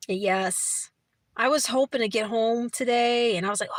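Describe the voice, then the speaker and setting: A middle-aged Brooklyn woman with a New York accent hosts a livestream, reading the chat and talking casually with viewers. Her voice is a little high, animated and unhurried, with no room sound. She rambles, restarts her sentences and laughs often.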